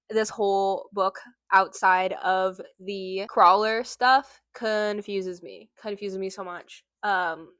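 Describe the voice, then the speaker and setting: A woman's voice: mid-range voice, sharp tone, dry recording. A woman chatting casually about a book she loves, gushing and drifting onto tangents, swearing now and then. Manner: gushing, rambling, goes on tangents. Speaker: book vlogger. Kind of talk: casual book review chat.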